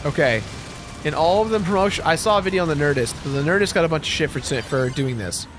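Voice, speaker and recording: A man's voice: fairly high pitch, quick pace, over music. A young man chatting casually during a let's play, self-deprecating and talkative. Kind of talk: casual gameplay banter.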